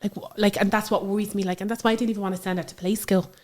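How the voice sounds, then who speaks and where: A woman in her thirties with an Irish accent, telling stories about her daughter in a chatty, animated way. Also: mid-range voice, racing. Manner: chatty, animated storytelling with frequent fillers. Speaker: interview guest, mother. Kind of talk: casual conversational interview.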